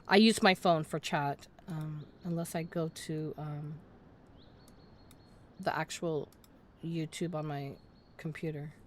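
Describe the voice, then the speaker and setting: A woman's voice: low-pitched, steady tone, slow, pauses often, slight background noise. A woman game streamer in casual live-stream chat, ranting in exasperation, swearing and repeating herself.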